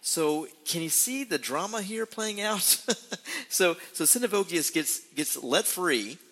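A man's voice: high voice, lively intonation, measured pace, sharp tone, low-quality recording. A man co-hosting a casual podcast, narrating history playfully and posing rhetorical questions. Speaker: podcast co-host. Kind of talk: casual storytelling podcast chat.

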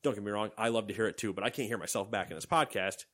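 Deep-voiced man on a chatty podcast. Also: rapid-fire. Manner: animated storyteller, acts out quotes, laughs often. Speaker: podcast co-host. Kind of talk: casual podcast chat.

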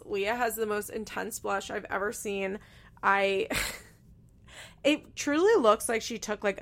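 A woman's voice: mid-range voice, gravelly, fairly bright tone. A young woman recapping a reality show in a chatty, gossipy way with sarcastic asides. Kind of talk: casual recap commentary.

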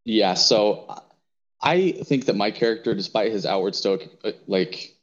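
Low-voiced man playing a tabletop game. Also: highs cut off. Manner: emotional, laughing, halting. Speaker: player. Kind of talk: tabletop role-play chat.

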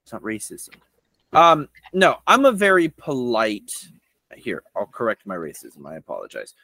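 A man's voice: mid-range voice, wildly swooping pitch, normal speed, vocal fry, pushed and bright, no room sound, rough recording. A young man co-hosting a podcast in casual chat, laughing often and correcting himself as he goes. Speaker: podcast co-host.

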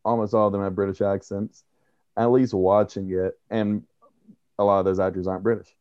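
A man co-hosting a casual discussion, speaking in a measured way with many fillers. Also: lowish voice, flat delivery, darkish tone, clear, resonant tone, dry recording. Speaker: podcast co-host. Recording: dull dry lo-fi sound.

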